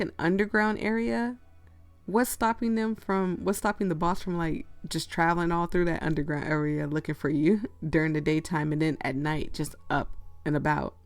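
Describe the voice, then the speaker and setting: A woman playing a story game, chatting in rambling, giggly tangents while losing her voice. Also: low voice. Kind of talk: casual commentary and reading aloud.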